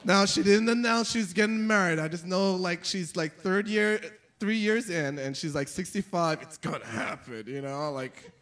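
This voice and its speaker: A young man performing a stand-up comedy set, telling stories with animated delivery and jumping into high squeaky voices for the characters. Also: normal speed, hardly any pauses. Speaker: stand-up comic.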